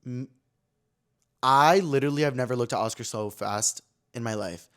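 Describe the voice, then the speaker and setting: A man's voice: medium pitch, normal speed, a bit bright. A man hosting a podcast, telling a rambling, gossipy story in casual chat and filling it with "like". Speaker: podcast host.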